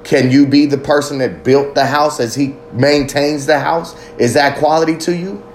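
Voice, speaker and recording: A man's voice: a little high, steady tone, moderate pace, slight background noise. A man hosting a podcast, delivering a heated, profane, preachy monologue and firing pointed questions at his listeners. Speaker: podcast host.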